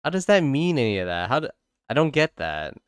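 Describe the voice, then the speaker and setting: A man's voice: mid-range voice, big pitch swings, a little fast, clear, resonant tone, no echo, studio quality. A man hosting a casual drawing livestream, joking and exasperated and swearing freely as he chats. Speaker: livestream host. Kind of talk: casual chat while drawing.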